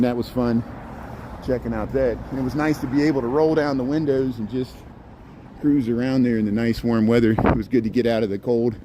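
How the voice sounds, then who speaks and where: A man with a mellow, mid-range voice walks city streets in the evening, rambling to his live-stream chat through a phone mic. He's chatty and reads out viewer comments as light street noise carries behind him.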